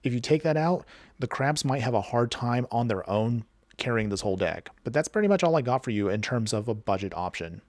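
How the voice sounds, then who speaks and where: A man giving excited card game commentary and a deck guide, laughing often and talking straight to his viewers. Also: medium pitch, fairly quick, no room sound. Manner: chatty, addresses viewers directly. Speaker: card game content creator.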